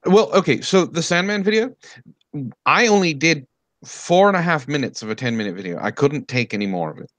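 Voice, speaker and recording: A man chatting casually on a stream, animated and swearing freely. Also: on the high side, brisk, no echo. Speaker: stream co-host. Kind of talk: casual chat.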